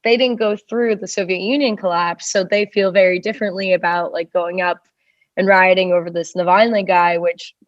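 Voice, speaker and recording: A Russian stand-up comic in her twenties guests on a casual podcast interview, rambling and filling her speech with fillers. Her fairly low voice holds a steady tone at normal speed, captured in a dull, dry lo-fi recording.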